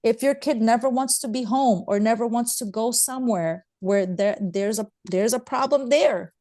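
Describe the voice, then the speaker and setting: Earnest woman guest, a mother, pressing the point again and again, slightly high pitch. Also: normal speed, warm tone. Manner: emphatic, urgent, repeats points. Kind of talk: interview conversation.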